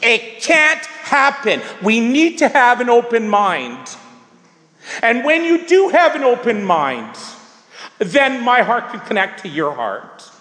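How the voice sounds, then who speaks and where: A man's voice: very high voice, sing-song, takes it slowly, pushed and bright, big-room sound. A man sharing his story at a recovery meeting, talking in an emphatic, repetitive, preaching way. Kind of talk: sharing at a twelve-step meeting.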